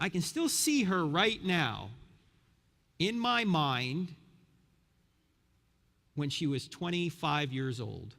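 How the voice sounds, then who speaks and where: Man around fifty, sermon-style lecture, lively pitch swings, storytelling, large hall. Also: slow, gravelly, pauses often. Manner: animated storyteller, rhetorical questions. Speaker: Christian speaker. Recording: reverberant hall.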